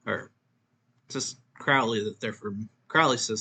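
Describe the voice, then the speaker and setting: Man, manga reviewer, bright tone, casual recap that reads out the dialogue. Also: on the low side, steady tone, normal speed. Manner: reads character lines aloud in a lightly raised voice, with restarts and chuckles.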